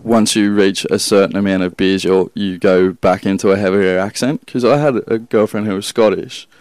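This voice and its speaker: A man's voice: on the low side, fairly even intonation, moderate pace, a little mellow, dry recording. A man chatting casually on a podcast, telling anecdotes.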